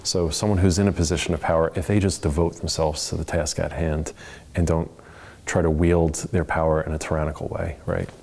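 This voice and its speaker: A man's voice: very deep voice, flat delivery, fairly quick, gravelly, darkish tone. A man leading a church Bible study in an earnest, conversational way, full of rambling asides. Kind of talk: casual teaching.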